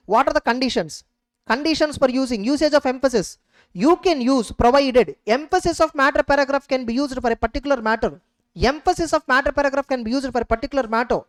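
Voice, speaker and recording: A woman's voice: on the high side, no room sound. A woman teaching an exam revision lecture, emphatic and constantly checking understanding with rhetorical questions.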